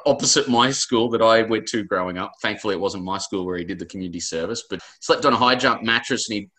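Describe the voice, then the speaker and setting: Earnest low-voiced Australian man. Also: quick pace, pushed and bright. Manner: earnest, rambling, emotional storytelling. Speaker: author guest. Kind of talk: interview conversation.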